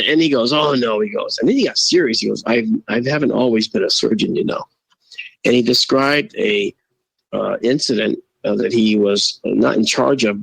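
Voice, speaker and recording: A man guest telling a casual, animated story and acting out the quoted voices. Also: medium pitch, vocal fry, slightly rough, no echo, low-quality recording. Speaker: guest, astronomer and photo-video analyst.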